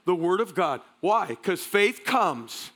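A man preaching a sermon as pastor, energetic, calling out to the congregation and joking between points. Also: sits high, slow, breathy edge. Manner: energetic preaching with crowd call-and-response; joking asides, repeats words.

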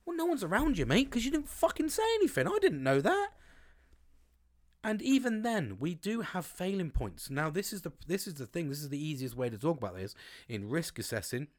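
Expressive sweary man. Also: brisk. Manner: swears often, expressive swings in pitch. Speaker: podcast host. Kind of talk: casual monologue. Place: home, outdoors on a sunny afternoon.

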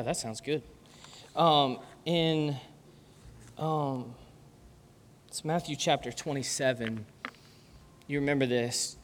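High-voiced pastor man in an echoing hall. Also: fairly bright tone. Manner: conversational, asks the crowd questions, laughs often. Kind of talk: sermon. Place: church hall.

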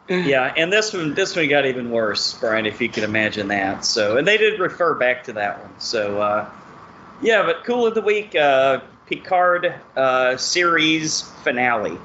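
A man's voice: medium pitch, sing-song, unhurried, pushed and bright. A man hosting a podcast, chatting in an easygoing way and laughing a lot. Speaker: podcast host. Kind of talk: casual chat. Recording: muffled lo-fi audio with faint room noise.

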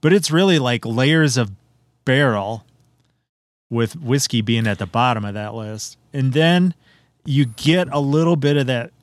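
A man's voice: mid-range voice, lively intonation, a little slow, no room sound, studio quality. A man casually chatting through a beer tasting, describing it in detail and laughing often. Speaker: beer reviewer.

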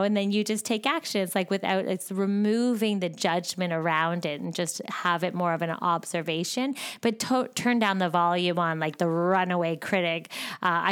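A woman's voice: medium pitch, clean tone. A young adult woman talking casually about a book, with many fillers and restarts. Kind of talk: casual talk summarizing a self-help book.

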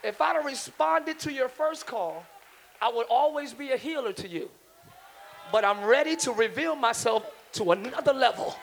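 A man preaching a live church sermon, swinging from quiet asides into shouting, calling on the congregation to repeat after him and joking with them. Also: very high-pitched, normal speed, soft background music. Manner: preaches with rising shouts and audience call-and-response. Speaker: pastor. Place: large church hall with congregation.

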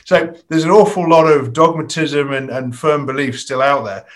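A man's voice: fairly high pitch, fairly even intonation, moderate pace. A man hosting a podcast interview, chatty and fond of telling anecdotes. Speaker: podcast host.

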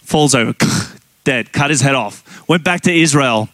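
A man preaches with a high, bright-sounding voice, animated and emphatic as he tells a story. He laughs often and presses his points hard. The sound is dry and close, with no room around it. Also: moderate pace, no echo. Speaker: guest pastor. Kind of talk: sermon.

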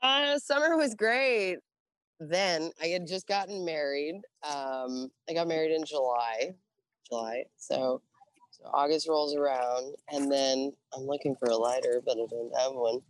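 A middle-aged woman, a Navy veteran, telling her story in a casual, profane, animated way and acting out the dialogue. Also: low voice, a little slow, no echo. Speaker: interview guest, Navy veteran.

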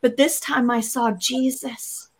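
With a high voice, a steady tone, and a slow pace, an adult woman recounts her faith journey as a guest in an interview. She sounds earnest and vivid, dramatizing the things she once said.

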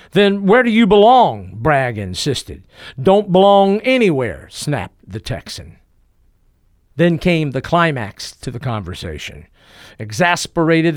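Measured male documentary narrator. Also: medium pitch, dry recording, clean studio sound. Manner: measured, with dramatic emphasis. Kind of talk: scripted historical documentary narration.

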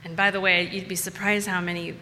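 A woman's voice: fairly low pitch, flat delivery, a little fast, sharp tone, big-room sound, slight background noise. A woman telling a personal story to a live audience in a casual, chatty way, repeating words for emphasis.

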